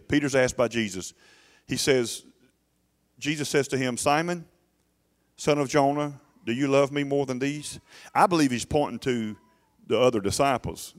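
Middle-aged male pastor, church sermon, emphatic, keeps circling back with "listen to me" restarts. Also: medium pitch.

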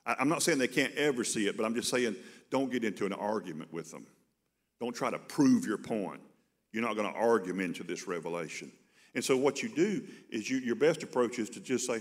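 A man's voice: medium pitch, brisk. A man, a pastor preaching a sermon in a conversational, storytelling way, often repeating words as he starts a sentence.

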